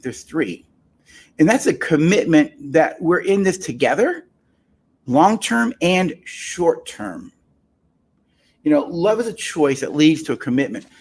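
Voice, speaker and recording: A man, a psychologist and therapist, giving an emphatic teaching talk on love and marriage, repeating key phrases and asking rhetorical questions. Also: fairly high pitch.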